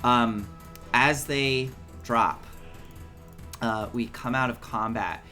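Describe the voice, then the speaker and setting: Bright-voiced man running a tabletop game. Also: mid-range voice, slow pace, faint music behind. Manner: relaxed, loose narration with many fillers. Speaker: game master.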